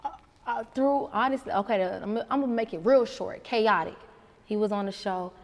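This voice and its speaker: A woman in her thirties, a guest actress and rapper, talking casually in an interview and acting out quoted voices with big swings. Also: a little fast. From Miami. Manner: animated, acts out quotes with big pitch jumps. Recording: reverberant room.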